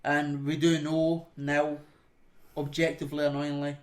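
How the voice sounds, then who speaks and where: A young Scottish man with a high voice talks in a casual podcast chat. He rants and swears heavily, slipping into mocking voices as he goes. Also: little pitch movement, a little slow. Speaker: podcast co-host. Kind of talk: profane casual chat, ranting.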